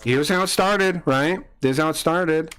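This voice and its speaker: A man's voice: fairly high pitch, normal speed, fairly bright tone, faint music behind. Angry swearing streamer man. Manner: angry, profane, accusatory ranting. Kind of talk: heated live-stream argument with chat.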